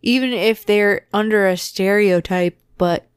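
A woman's voice: medium pitch, unhurried, clear, resonant tone, no room sound. A woman co-hosting a casual chat, blunt and opinionated, often answering in short replies.

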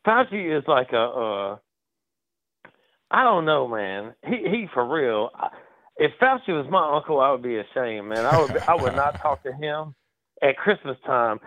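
A man calling in over a tinny, phone-like line, his voice sitting fairly high for a man. He rants in loose slang, repeating words and mimicking other people as he goes. The sound is dry and close, with no room around it. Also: dry recording. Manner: animated, slangy, repeats words, acts out quotes. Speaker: caller. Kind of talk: casual call-in rant.

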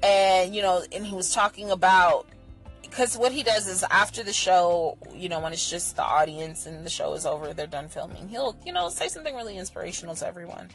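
A woman's voice: lowish voice, expressive, brisk, faint music behind, rough recording. Blunt, profane woman vlogging candidly. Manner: blunt and profane, swinging from heated rants to soft reassurance. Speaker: vlogger sharing personal experience. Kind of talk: candid personal vlog.

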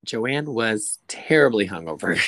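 A man's voice: lowish voice, animated, measured pace, fairly bright tone, no echo, poor audio. Rambling man on a dry podcast mic. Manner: rambling storyteller, laughs a lot. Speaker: podcast co-host. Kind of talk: casual podcast chat.

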